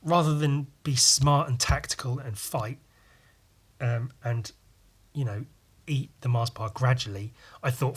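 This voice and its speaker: A man's voice: medium pitch, measured pace, fairly bright tone. A young man hosting a solo podcast, telling a meandering story full of swearing, wry asides and frequent fillers. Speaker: podcast host.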